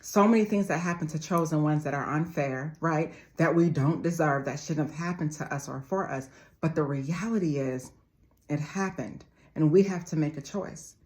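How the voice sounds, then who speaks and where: A woman's voice: low-pitched, normal speed, darkish tone. A woman in her forties giving a motivational monologue, emphatic and repetitive, calling her listeners family. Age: 40s. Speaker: motivational speaker.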